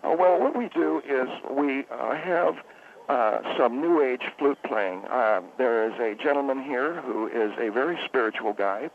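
A man's voice: mid-range voice, animated, a little slow, creaky, a little hiss or hum. A man calling in as a spa owner on a comedic radio phone-in, rambling, stammering and correcting himself as he talks. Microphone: telephone. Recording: tinny phone line.

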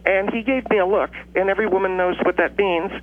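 A man voicing a boastful, combative woman who calls in, telling her story in a drawn-out way over a tinny phone line. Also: high voice, fairly even intonation, natural voice. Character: brash Southern woman caller, boastful and combative. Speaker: caller.

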